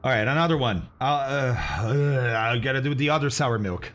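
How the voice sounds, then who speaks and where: A man's voice: mid-range voice, normal speed, few pauses, a bit bright. A man chatting casually on a live stream, thanking viewers and exclaiming and groaning as he reacts to the chat. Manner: groaning and exclaiming over bad-tasting candy. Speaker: flight simulator streamer.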